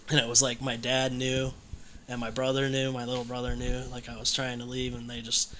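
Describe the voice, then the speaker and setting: A man talks candidly in a casual conversation, rambling along with plenty of fillers and restarts. His voice is bright and sits at a middle pitch. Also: monotone, fairly quick, slight background noise. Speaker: guest telling his recovery story.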